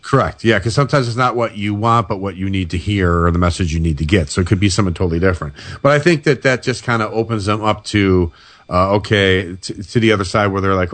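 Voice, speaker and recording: A man with a low voice talks fast, casually chatting about paranormal experiences. He tells anecdotes and acts out the people he quotes with animation. The recording is dry.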